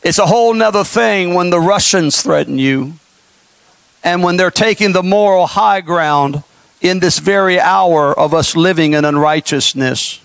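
A man's voice: high-pitched, measured pace, gravelly, fairly bright tone, smooth, no echo. A male pastor preaching a sermon, impassioned and folksy, with mocking asides.

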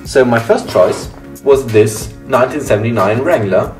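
A man's voice: mid-range voice, normal speed. A young man, talking earnestly and reflectively in a casual personal vlog, often restarting his sentences. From Germany, raised partly in the US. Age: young adult. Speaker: vlogger. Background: faint laid-back guitar music.

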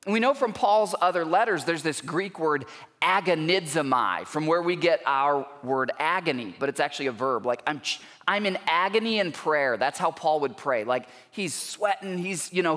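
Guy pastor preaching, slightly high voice, earnest and emphatic, big church hall echo. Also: expressive, fairly bright tone. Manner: earnest, emphatic preaching with rising intensity and pauses. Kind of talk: sermon. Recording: long church hall reverb.

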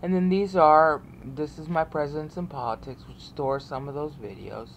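Speaking at a normal pace in a deep voice, with slight hiss or hum in the audio, a woman leads an informal screen-share tour of online resources. She tends to ramble and repeat herself, frequently pausing to ask "okay?"

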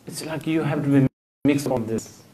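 A man giving a dharma talk as a Buddhist teacher. He rambles, hunts for words, and fills the gaps with "you know," with gently humorous asides. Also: medium pitch, moderate pace. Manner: digressive, searching for words, frequent "you know".

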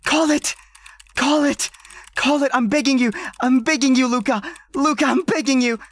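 A man's voice: very high voice, steady tone, normal speed, fairly bright tone, no echo. A man streaming a party game, panicking and begging his teammates, repeating himself over and over. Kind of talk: frantic live game chatter.

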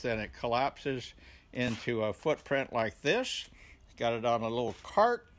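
An older man with a Southern accent giving a rambling, folksy tour of his home garage workshop, pausing often with "uh". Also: medium pitch, fairly bright tone. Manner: rambling, folksy, many "uh" pauses. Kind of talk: casual tool tour.

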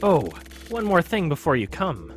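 A courteous, sinister male translator, voiced by a man reading a game aloud. The voice sits a little lower than normal and stays smooth and unhurried. Every polite phrase carries a quiet threat. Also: wildly swooping pitch, soft background music. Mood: teasing.

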